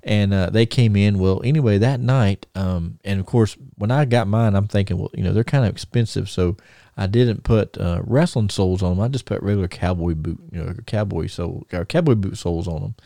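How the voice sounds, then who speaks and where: A man's voice: on the low side, fairly quick, gravelly, mellow, no room sound, studio quality. A middle-aged man, co-hosting a podcast and telling rambling stories full of fillers and restarts. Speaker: podcast co-host. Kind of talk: casual storytelling.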